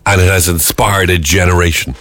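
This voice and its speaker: A man hosts a morning radio chat in a low voice. He sounds playful and animated as he teases his co-host. The recording is close and dry, with no room sound. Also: brisk, no room sound.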